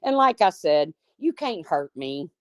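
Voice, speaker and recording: Her pitch sits fairly low and her delivery is sing-song and a little slow, captured in clean studio sound without echo. She's a middle-aged woman running a casual live chat, blunt and quick to swear, alternating folksy storytelling with calling out viewers' names.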